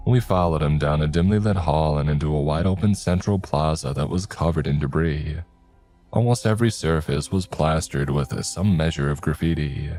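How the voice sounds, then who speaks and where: A man reading a horror story aloud in a steady first-person narration. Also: extremely low pitch, normal speed. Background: faint music.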